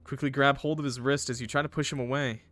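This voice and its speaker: A young man reading a visual novel aloud as a gaming creator, breaking off into excitable, swearing reactions. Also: medium pitch, fast, dry recording.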